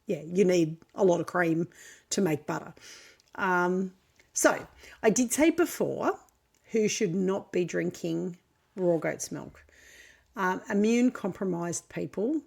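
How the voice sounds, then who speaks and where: An Australian woman with a slightly low, gravelly voice hosts a casual podcast. She rambles through an unscripted monologue, frank and opinionated, circling back to correct herself and scattering ums and uhs as she goes. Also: lively intonation, a little slow, a little mellow. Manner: chatty, frank and opinionated, with many fillers and self-corrections. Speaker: podcast host and homesteader.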